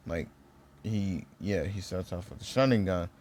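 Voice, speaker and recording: A man's voice: low-pitched, measured pace, a little mellow. A young man casually retelling a fan-made ninja story, rambling with lots of fillers and restarts.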